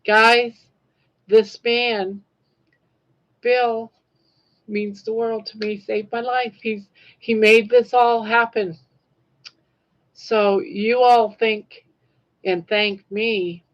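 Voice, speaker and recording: A woman's voice: a little high, steady tone, extremely slow, pauses often, dull audio. A woman in her sixties hosting a casual livestream, chatting emotionally with viewers and reading their comments. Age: 60s. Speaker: livestream host.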